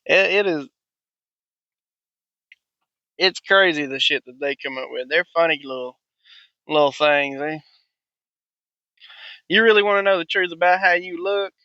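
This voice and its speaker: Male podcast host in his thirties, profane rant, bright dry voice, dull lo-fi sound. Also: medium pitch, dry recording. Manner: profane, blunt, rambling. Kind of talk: ranting monologue.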